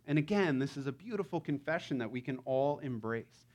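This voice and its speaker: A man's voice: medium pitch, lively intonation, fairly quick, darkish tone. A man preaching a sermon in a conversational, playful way, often acting out the lines he quotes. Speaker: pastor.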